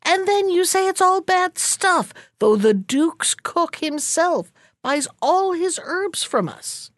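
A woman voicing a cheeky young boy at a market stall, calling out loudly in a high voice. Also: sing-song, normal speed, no echo, clean studio sound. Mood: indignant. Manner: loud, calling out.

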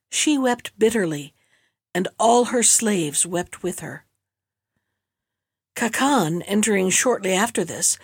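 Woman with a steady storytelling voice. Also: on the high side, no echo, clean studio sound. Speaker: narrator. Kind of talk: audiobook reading.

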